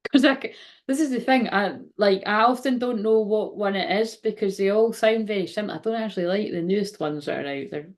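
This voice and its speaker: A woman's voice: medium pitch, brisk. A woman hosting a casual live-stream tarot reading, chatting to viewers, laughing often and swearing casually. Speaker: tarot card reader and livestream host.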